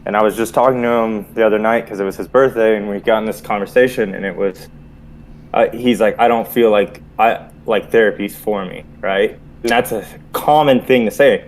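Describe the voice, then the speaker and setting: Man, lowish voice, candid, reflective, casual group chat, faint noise behind. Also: a little fast. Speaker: podcast co-host, Army veteran.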